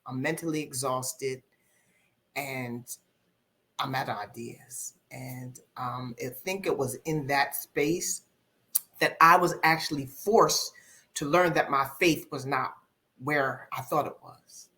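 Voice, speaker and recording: Brief: middle-aged woman, deep-pitched, candid and reflective, podcast guest recounting hard times. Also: slow pace, bright, forceful tone. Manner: candid, reflective, with many ums and repeated phrases. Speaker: guest life coach. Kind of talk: podcast interview storytelling.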